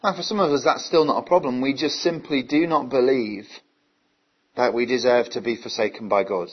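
Male preacher, mid pitch, husky voice, earnest sermon full of rhetorical questions, dull lo-fi recording. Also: moderate pace.

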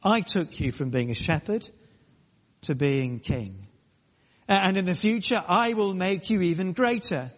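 A man preaching a sermon, emphatic and repetitive, speaking in short, pausing phrases. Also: a little high, in a large hall.

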